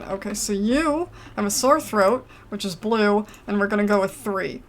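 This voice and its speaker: A woman's voice: medium pitch, moderate pace, few pauses, slight background noise. A woman giving casual gameplay commentary, chatty and self-mocking, reading game text aloud and reacting with exasperated outbursts. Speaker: let's play gamer.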